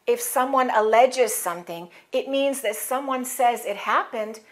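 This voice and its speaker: Woman ESL teacher, fairly high-pitched, precise deliberate diction. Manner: clear, deliberate enunciation with model words for repeating. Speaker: English teacher. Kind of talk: scripted pronunciation lesson.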